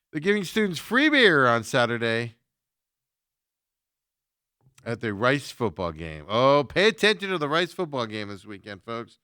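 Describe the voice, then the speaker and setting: A man's voice: mid-range voice, big pitch swings, measured pace, bright, forceful tone, clean tone, dry recording, clean studio sound. A man hosting a sports talk show, chatting casually with lots of fillers as he reacts to viewer comments.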